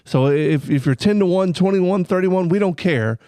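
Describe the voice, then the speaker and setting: A man hosting a podcast, asking relaxed questions with plenty of fillers. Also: high-pitched, measured pace, clear, resonant tone, no room sound, studio quality. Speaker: podcast host. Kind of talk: podcast interview.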